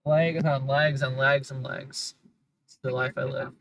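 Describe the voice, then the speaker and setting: A man's voice: mid-range voice, level tone, a little slow, noisy background. A man livestreaming casual, sarcastic commentary from inside his car as he drives city streets, complaining about other drivers.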